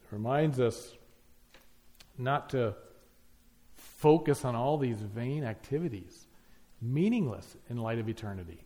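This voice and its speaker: A man's voice: mid-range voice, lively intonation, measured pace, pauses often, warm tone. A man preaching a sermon, emphatic, piling up lists and rhetorical questions.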